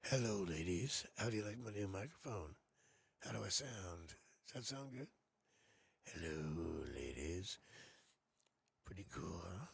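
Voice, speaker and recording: A man doing a deep, slow, seductive crooning voice as a smooth ladies' man. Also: big pitch swings, no echo, exaggerated voice.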